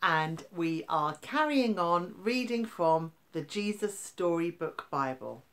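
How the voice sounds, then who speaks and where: A woman reading a children's storybook aloud, expressive, with dramatic build-ups and hushed endings. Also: fairly low pitch, takes it slowly. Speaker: story reader.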